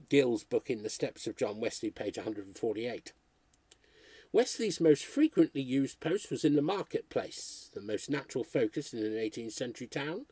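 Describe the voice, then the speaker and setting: Husky man reading a book aloud. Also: mid-range voice, moderate pace, no room sound. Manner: steady, careful reading of dates and places. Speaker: reader.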